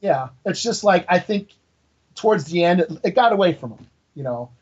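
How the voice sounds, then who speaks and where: A man's voice: high voice, lively intonation, normal speed, darkish tone, dull audio. A man co-hosting a podcast in casual chat who laughs often and tells stories with animation. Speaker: podcast co-host.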